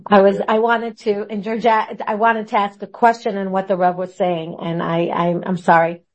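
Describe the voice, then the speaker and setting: A woman's voice: mid-range voice, little pitch movement, moderate pace, muffled recording. A woman takes part in an online class over a video call. She asks her questions in a hesitant, apologetic way.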